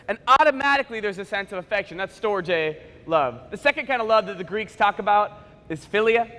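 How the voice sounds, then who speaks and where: A man giving a playful, joking speech at a school assembly, acting out quick bits of dialogue in his stories. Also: sits high, bright, forceful tone. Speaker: motivational speaker. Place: large school assembly hall. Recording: echoey hall with long reverb.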